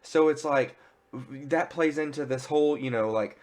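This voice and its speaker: A man casually retelling a TV episode in an excited, rambling way, full of filler words. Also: on the high side, unhurried. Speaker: pop culture reviewer. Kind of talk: casual spoiler recap.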